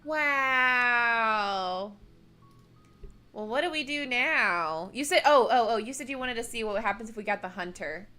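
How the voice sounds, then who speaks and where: A woman's voice: fairly high pitch, lively intonation, a little slow, sharp tone, faint music behind. A young woman streaming a game from home at a desk mic, gushing and emotional, baby-talking to her pets. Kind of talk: gaming livestream chat. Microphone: desk microphone.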